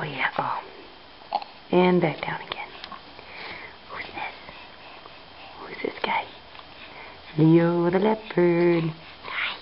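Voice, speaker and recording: A mother talking baby talk to her infant, cooing in a sing-song way and sometimes dropping to a soft whisper, recorded on a home camcorder. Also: lowish voice, background noise. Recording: dull lo-fi home video sound.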